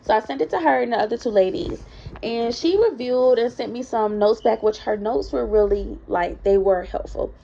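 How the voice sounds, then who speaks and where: A woman's voice: fairly high pitch, moderate pace, gravelly, dark tone, a little hiss or hum. A woman telling a story from her own life in a casual vlog, chatty and candid, talking straight to her viewers. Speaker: vlogger. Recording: dull lo-fi recording.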